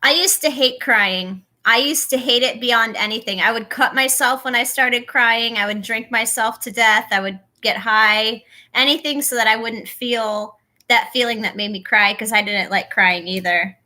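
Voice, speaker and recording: Young woman chatting on her tarot livestream, high voice, says hi to everyone by name. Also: moderate pace, bright, forceful tone. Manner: chatty, greets viewers by name. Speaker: tarot reader hosting a live stream. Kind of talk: casual live-stream chat.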